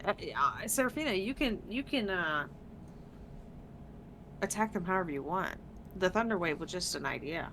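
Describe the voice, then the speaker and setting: A woman's voice: fairly low pitch, lively intonation, moderate pace, pauses often, noisy background. A woman casually playing a tabletop game, eager and upbeat. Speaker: player.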